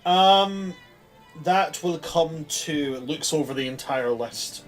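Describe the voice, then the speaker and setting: A man's voice: fairly high pitch, takes it slowly, faint music behind. A man narrating a tabletop game as game master, rambling through lots of fillers.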